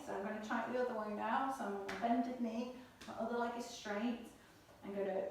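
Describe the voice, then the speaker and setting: A woman with a fairly high, slightly mellow voice coaches children through gymnastics moves at home, encouraging them and demonstrating each move as she explains it, sometimes a bit out of breath. She sounds distant in an echoey room, with slight background noise.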